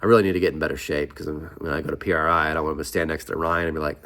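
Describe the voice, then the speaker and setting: A middle-aged man chats to his viewers in a loose, rambling way. His voice sits low and deep. He drifts from one aside to the next like he's talking with a friend. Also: fairly even intonation, fast, hardly any pauses, sharp tone. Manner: rambling, chatty storytelling with asides. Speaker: vlogger. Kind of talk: casual chat.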